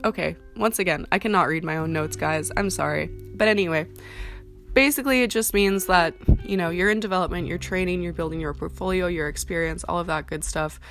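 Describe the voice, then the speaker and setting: A young Canadian woman who works as a model gives casual career advice while talking to camera, her fairly low voice moving a little fast. She's chatty and full of ums and likes, with soft guitar music playing underneath.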